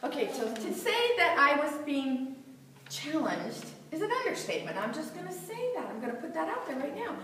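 Middle-aged lady motivational speaker, high voice, big echoey hall, acts out her inner voice, laughs a lot. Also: very animated, moderate pace, fairly bright tone, recorded from a distance, slight background noise. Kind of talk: motivational talk to a live audience. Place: seminar room with audience.

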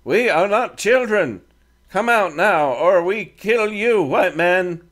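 A man voicing a defiant teenage boy who leads a band of riders and speaks in halting, broken English. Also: sits high, lively intonation, a bit bright, voice pushed up, exaggerated voice.

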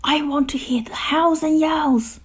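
Little male monster, a woman doing it, gleeful, squealing high and loud, storybook read-aloud. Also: a little slow. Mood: hushed. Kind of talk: storybook reading.

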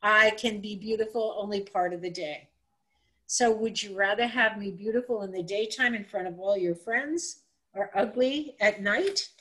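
A brash, cheerful hag lady who states her demands bluntly, as a woman storyteller puts her on. Her tone stays pushy and plainspoken, with her pitch now and then jumping up. It has the sound of a told folk tale. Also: moderate pace, a bit bright, natural voice, rough recording. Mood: pleading.

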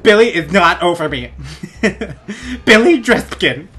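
A young man giving crude, goofy gameplay commentary on a headset in his bedroom, often laughing and yelling out suddenly. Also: high voice, animated, measured pace, soft background music. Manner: goofy, giggly, crude jokes, sudden loud outbursts. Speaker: gaming let's play host.

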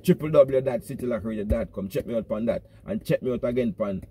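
A man's voice: medium pitch, fast talker, slightly rough. Jamaican man ranting, calling everyone brother. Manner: repeats "brother" rhythmically, animated and preachy. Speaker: comic vlogger pastor persona. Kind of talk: rambling comic rant in patois.

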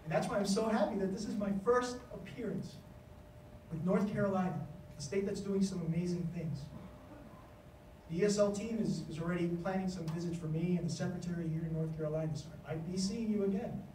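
A man giving a conference speech as an education official, telling stories in a lively way and acting out the voices he quotes. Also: sits high, a little fast, echoey room, recorded from a distance, slight background noise, low-quality recording. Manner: animated storytelling, acts out quoted voices. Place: conference hall.

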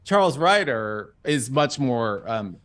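A man's voice: medium pitch, sing-song, takes it slowly, fairly bright tone. Chatty man telling a story. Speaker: talk show host. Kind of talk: conversational interview.

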